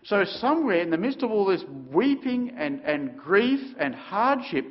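A man preaching a sermon, telling the story dramatically with sudden shifts between loud and quiet. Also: sits high, big pitch swings, measured pace, muffled recording.

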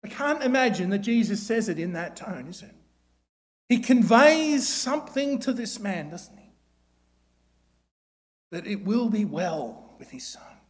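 A man delivering a sermon in a notably high voice. He poses question after question to the congregation and often tags his points with a quick "isn't it?". When he quotes a plea or a prayer, he softens and slows right down. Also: very animated. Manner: asks rhetorical questions with tag questions, drops to a soft voice for quoted prayers. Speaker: preacher.

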